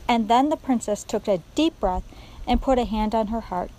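A woman's voice: on the high side, normal speed, a little hiss or hum, poor audio. A woman reading a children's storybook aloud expressively, speaking straight to the reader. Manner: expressive, addresses the reader directly.

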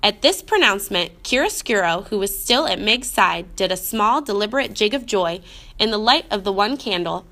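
A woman narrating a children's storybook in a clear, expressive way. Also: mid-range voice, moderate pace. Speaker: audiobook narrator.

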